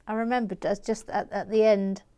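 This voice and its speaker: A woman builds a Lego set on a video stream, chatting casually, reading viewers' comments aloud and laughing frequently. Her medium-pitched voice is flat in delivery at a moderate pace, with background noise present.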